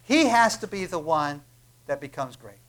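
A male preacher with a high-pitched voice delivering a sermon. He asks the room question after question and leans hard on his key words. His delivery swings from near-whispers to booming repetition. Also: sing-song, moderate pace. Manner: emphatic, swings from hushed to booming, rhetorical questions.

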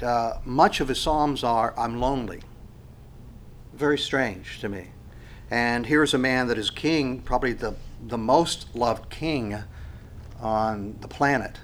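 A man preaches a sermon at a middle pitch, thinking aloud with pauses and fillers. His delivery swings from hushed, low lines to emphatic, rising phrases. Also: a little hiss or hum. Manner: reflective, with frequent fillers and pauses.

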